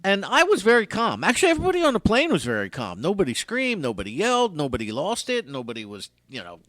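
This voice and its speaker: A man in his sixties hosts a radio show in relaxed chat, spinning an anecdote and slipping into the voices of the people in it. His pitch swings widely as he talks. The studio sound is dry and close. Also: fast talker, dry recording. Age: 60s. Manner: animated storyteller who acts out other people's lines. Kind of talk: casual radio chat, storytelling.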